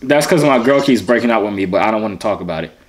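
A man's voice: fairly low pitch, animated, rapid-fire, crowd noise. A young man from Arkansas, joking around with strangers on a phone video chat. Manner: playful, joking, teasing. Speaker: YouTuber.

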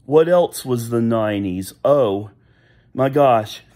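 A man's voice: medium pitch, lively intonation, slow pace, dark tone. A man ranting in a casual solo vlog, rambling and exasperated, full of nostalgia. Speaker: vlogger. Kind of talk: casual solo rant to camera.

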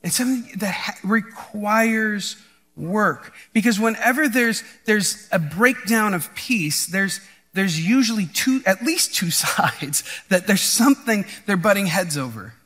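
A man's voice: high voice, expressive, a little slow, bright, forceful tone, breathy edge. A man preaching a casual, conversational sermon as pastor, often restarting phrases and checking in with the congregation. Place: church.

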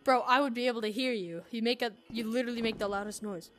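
A young woman giving casual gameplay commentary to her channel, excitable and quick to break into startled shouts. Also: fairly high pitch, soft background music. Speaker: gaming video creator.

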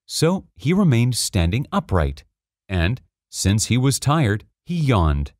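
An audiobook narrator, male and medium-pitched, tells the story in a measured, expressive manner. The recording is studio quality with no room sound.

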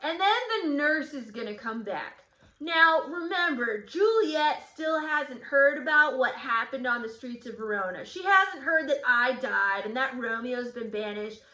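Woman teacher, chatty guided reading, high bright voice, roomy echo. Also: animated, measured pace. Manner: chatty, casual, sardonic asides. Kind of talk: guided reading lesson, in character as narrator.

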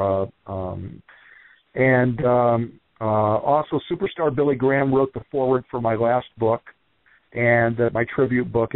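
A man who trains wrestlers guests on a casual radio interview by phone, telling animated, rambling stories packed with fillers. His voice is mid-range, and the line is tinny and dry.

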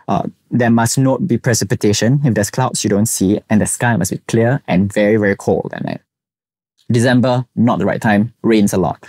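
Telling a personal tale on his podcast, this young host from Singapore speaks in Singaporean English and lively acts out the voices of those he quotes. His voice runs on the low side at a moderate pace, recorded in studio quality without echo.

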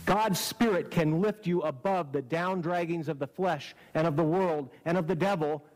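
A man's voice: fairly high pitch, a little mellow, poor audio. A man preaching a camp-meeting sermon in an earnest, exhorting way, often putting rhetorical questions to his listeners.

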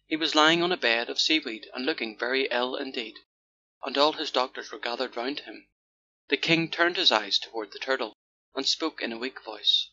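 Male audiobook narrator for children's fairy tales; very bright, crisp delivery, lo-fi with faint hiss. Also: medium pitch, normal speed.

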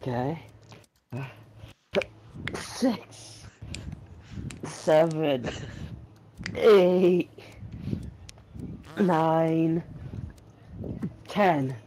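A man's voice: on the high side, drawn-out words, pauses often, warm tone. A man chatting casually while gaming on a live stream, playful and laughing often. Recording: noisy stream audio.

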